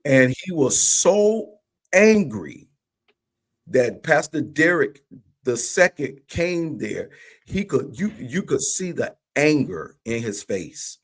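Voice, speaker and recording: Animated man telling a church story. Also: fairly high pitch, slow. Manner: animated storytelling, acts out quoted dialogue. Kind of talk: livestream conversation. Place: remote livestream call.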